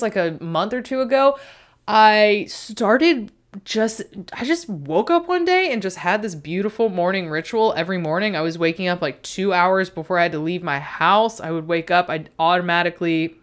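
A woman's voice: lowish voice, expressive, moderate pace. A young adult woman in a rambling, self-mocking casual monologue who swears often.

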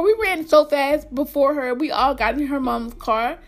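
Young woman vlogger, high-pitched, chatty storyteller who keeps cracking up. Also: moderate pace, few pauses, faint music behind. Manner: animated, laughs through her story, talks to viewers. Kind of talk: storytime vlog.

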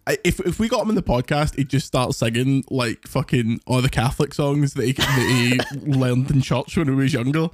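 A man's voice: mid-range voice, moderate pace, few pauses, dry recording, clean studio sound. A man co-hosting a podcast, ranting and joking in heavily sweary casual chat. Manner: sweary, animated, jokey rants. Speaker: podcast co-host.

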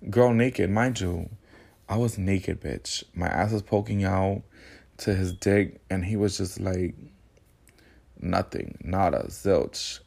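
A man hosts a podcast in a casual storytelling monologue, candid and full of sassy slang. His voice sits fairly low with a gravelly, fry-laden edge. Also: steady tone, slow, a little mellow. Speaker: podcast host.

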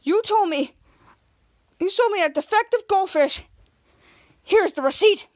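A woman's voice: very high voice, lively intonation, measured pace, a little mellow, no echo, clean studio sound, voice pushed up. A woman voicing a pushy indignant customer. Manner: indignant, demanding, exaggerated. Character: angry grown man, petty pushy customer.

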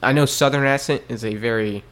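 A young man from the American South talking with a friend in a relaxed, casual way. He hesitates often and searches for words as he goes. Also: mid-range voice, a little fast, clean tone. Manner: easygoing, hesitant, many fillers. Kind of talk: casual chat.

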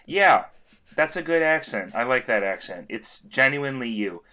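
A man's voice: mid-range voice, lively intonation, moderate pace, pushed and bright, rough recording. A young man co-hosting a comedy podcast, joking playfully in casual back-and-forth chat. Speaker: podcast co-host.

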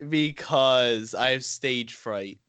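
A man's voice: medium pitch, slow pace, fairly bright tone, clear, resonant tone, dry recording. A man co-hosting a podcast, joking around and laughing with his friends. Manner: playful, laughing, bouncy. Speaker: podcast co-host. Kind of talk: casual chat.

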